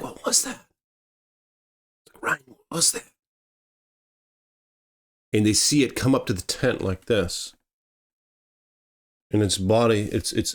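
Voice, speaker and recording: A man telling a true story in a casual, animated way, swearing and acting out the scenes. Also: on the low side.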